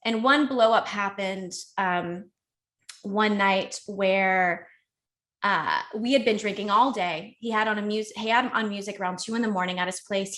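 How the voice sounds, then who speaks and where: A woman guest on a podcast, telling a painful personal story in a candid, emotional, rushed way full of fillers. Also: medium pitch, a bit bright. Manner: emotional, rushed, heavy use of "like".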